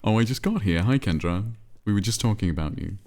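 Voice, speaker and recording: A man streaming a cozy game, chatting in a relaxed, rambling way and answering his chat. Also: fairly low pitch, a little fast. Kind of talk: casual chat while playing a cozy game.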